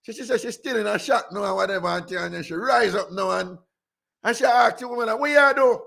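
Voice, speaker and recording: A man's voice: sits high, fast talker, creaky, a bit bright. A man with a Jamaican accent, hosting radio and telling a story in casual, rambling patois with many "you know"s. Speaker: radio host.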